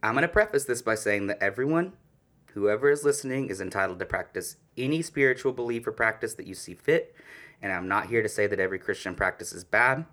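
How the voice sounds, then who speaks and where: A man's voice: fairly low pitch, expressive, fast, a bit bright. A man co-hosting a podcast, chatting casually about history with opinionated, swearing asides. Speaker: podcast co-host.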